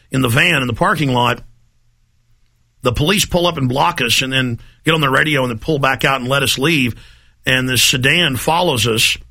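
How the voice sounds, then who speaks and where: Brief: male radio host, gravelly and forceful, emphatic and rambling. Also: medium pitch. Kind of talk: talk radio monologue.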